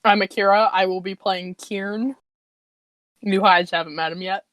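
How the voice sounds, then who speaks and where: A woman's voice: medium pitch, steady tone, normal speed, a bit bright, no room sound. A woman playing in a tabletop game, chatting playfully and giggling over a call. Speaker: player. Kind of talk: casual chat. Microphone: online voice call.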